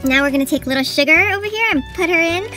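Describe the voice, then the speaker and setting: High-voiced chirpy toy show host. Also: female voice, very fast. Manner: chirpy, sing-song, exclaiming. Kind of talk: toy play narration. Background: music.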